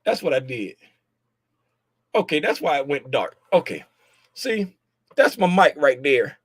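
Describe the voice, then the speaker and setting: A man hosting a casual livestream about market futures, talking loudly and playfully, joking with viewers and slipping into sing-song bits, with a desk mic about a foot away. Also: fairly high pitch, big pitch swings, a little slow, husky, no room sound, studio quality. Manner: playful, chatty, jokes with viewers. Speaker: host reviewing market futures.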